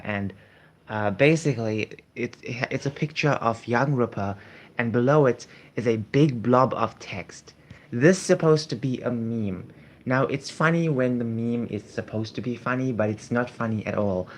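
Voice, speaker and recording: A man's voice: medium pitch, unhurried. A man vlogging to camera while unwell, talking casually and hesitantly with many fillers and restarts, recorded on a tablet. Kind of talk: casual rambling talk to camera. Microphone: tablet streaming.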